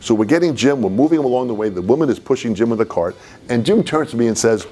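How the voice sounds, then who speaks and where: A man telling a personal anecdote in an animated way, laughing as he goes. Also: mid-range voice, fast, slightly rough, soft background music. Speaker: storyteller.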